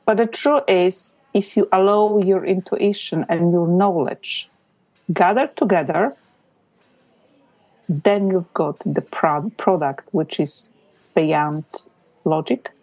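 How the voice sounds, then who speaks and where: Slow, dark-voiced woman podcast host. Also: lowish voice, no room sound, low-quality recording. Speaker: podcast co-host, business photographer. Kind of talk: casual podcast chat.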